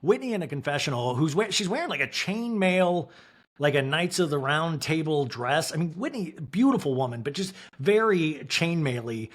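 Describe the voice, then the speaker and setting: A man from Kansas hosting a podcast, recapping a reality TV episode in casual, animated talk and acting out the cast members' lines in mock voices. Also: fairly high pitch, moderate pace. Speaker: podcast host.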